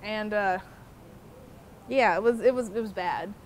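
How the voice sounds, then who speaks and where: A young woman talks straight to the camera, recounting a bad day at work with plenty of swearing. She keeps it animated and casual, in a voice of middling pitch. Steady noise runs underneath the recording. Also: a little slow. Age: young adult. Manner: profane, animated, swears freely. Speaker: former theme park worker telling her story. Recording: noisy background.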